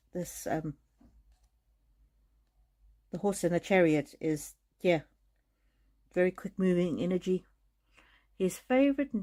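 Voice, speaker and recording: A woman with a lowish voice, reading oracle cards on a live stream. She talks gently and haltingly, often laughing and showing emotion. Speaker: tarot and oracle card reader. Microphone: streaming mic.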